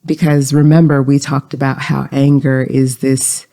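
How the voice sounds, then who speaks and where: Gravelly, mellow-voiced podcast host. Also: medium pitch, a little slow. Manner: calm, explanatory, coaching tone. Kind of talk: self-help podcast talk.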